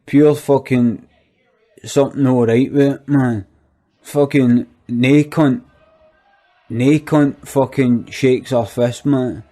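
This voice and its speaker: A man's voice: medium pitch, fairly even intonation, slow, dark tone, natural voice. A man doing a sweary Glaswegian chancer. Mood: incredulous ranting. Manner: rambling, swears constantly, repetitive. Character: foul-mouthed skint young Glasgow man, incredulous. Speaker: comic monologue character. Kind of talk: sweary comic rant.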